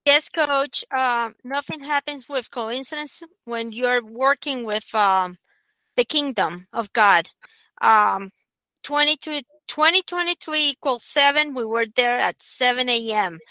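A woman's voice: a little high, measured pace, bright, forceful tone, no room sound, low-quality recording. A woman calling in to a show and talking hesitantly.

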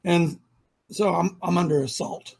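A middle-aged man holds forth as host of a ministry talk show, his husky voice sitting fairly high. He hammers his points with repetition and climbs to near-shouts when he gets worked up. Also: steady tone, unhurried. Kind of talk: impassioned conversational storytelling.

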